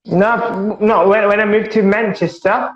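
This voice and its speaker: High-voiced man on a roomy, dull call. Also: a little slow. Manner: hesitant, many fillers and restarts, animated when telling stories. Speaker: interviewer. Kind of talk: casual live-stream interview. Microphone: video call.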